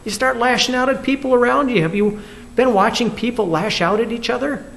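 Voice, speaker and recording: Male pastor, high voice, reflective video sermon, asks the viewers questions. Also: fairly quick, gravelly, fairly bright tone, a little hiss or hum. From United States. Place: church.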